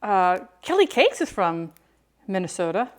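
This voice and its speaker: A woman's voice: mid-range voice, big pitch swings, unhurried. A woman hosting a casual cooking livestream from her kitchen, chatting to viewers, humming and singing along, and laughing often.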